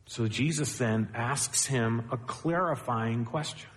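A man's voice: takes it slowly, big-room sound. A man preaching an expository sermon, addressing the congregation as beloved and lifting his voice to stress key points. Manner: expository preaching, rising pitch for emphasis. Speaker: pastor.

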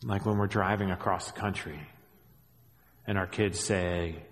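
A middle-aged man preaching a sermon as a pastor, animated, with joking asides, swinging between hushed and raised delivery. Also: low-pitched, moderate pace. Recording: long hall reverb.

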